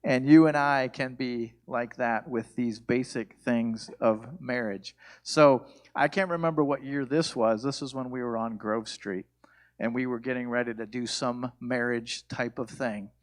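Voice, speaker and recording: A man's voice: medium pitch, steady tone, measured pace. A man leading a church couples workshop, talking casually with jokes, stories and frequent fillers. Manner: conversational, self-deprecating, many fillers.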